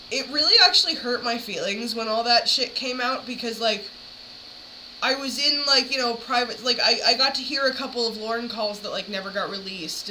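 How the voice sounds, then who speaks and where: A woman's voice: mid-range voice, background noise. A woman talking casually while reacting to a video, rambling with frequent fillers. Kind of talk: casual chat.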